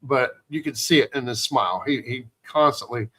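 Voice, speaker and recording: A man's voice: medium pitch, fairly bright tone, husky. A man in casual chat who reminisces fondly and often restarts his sentences. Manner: halting, fond reminiscing with many restarts.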